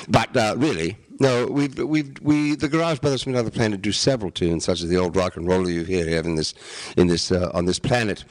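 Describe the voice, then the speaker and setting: A man's voice: fairly low pitch, brisk, hardly any pauses. A man, a guest actor, joking and rambling theatrically in a playful interview. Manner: jokey, rambling, theatrical, breaks into rap. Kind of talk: playful comic interview banter.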